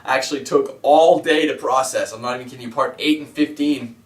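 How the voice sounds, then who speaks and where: A man's voice: mid-range voice, a little fast. Rambling, apologetic man in an echoey room. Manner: rambling, candid and apologetic, with many fillers. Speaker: YouTube let's player. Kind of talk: casual vlog monologue. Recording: roomy echo, mic at a distance.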